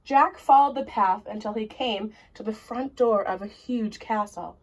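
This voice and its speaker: A woman storyteller reads a children's tale aloud. She speaks slowly and expressively, in a voice set a little high. Every sentence is shaped with care. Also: low-quality recording.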